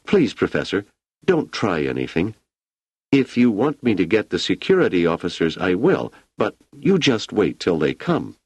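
A man reads as a nervous young assistant who begs his superior to stay out of trouble. The voice sits higher than the narrator's own and jumps around in pitch, and it keeps a husky grain. The recording is dry and close, with no room sound. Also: huge pitch swings, moderate pace, darkish tone, no room sound, full character voice. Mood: anxious. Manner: pleading, nervous. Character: anxious young male assistant.

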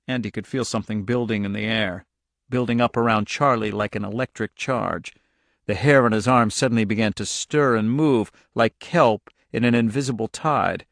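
A man reading a suspense novel aloud in steady, measured audiobook narration. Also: mid-range voice, gravelly, no echo, clean studio sound. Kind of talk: scripted narration.

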